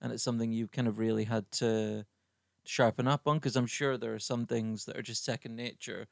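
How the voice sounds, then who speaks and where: Brief: male interviewer, gravelly voice, loose meandering questions. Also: mid-range voice, fairly even intonation, fairly quick, no echo, studio quality. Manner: rambling, searching questions. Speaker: podcast host. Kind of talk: casual interview chat.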